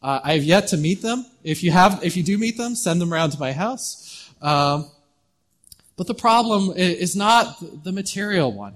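Conversational male pastor preaching. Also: high-pitched. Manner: conversational, repeats words when restarting. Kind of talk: sermon. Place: church hall.

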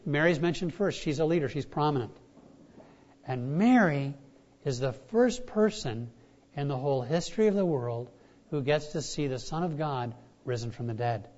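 A male pastor preaches in a slightly raised voice, pushing hard on key lines and then dropping to a hush. He often stops and restarts his sentences. The recording is dull and muffled. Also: fairly high pitch. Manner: animated, shifts from loud emphasis to soft hushed lines, with frequent restarts. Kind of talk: sermon.

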